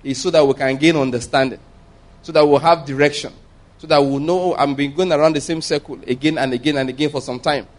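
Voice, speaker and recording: A man's voice: a little high, fairly even intonation, a little fast. A man preaching a sermon, emphatic and repeating his points, asking the congregation rhetorical questions. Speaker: pastor.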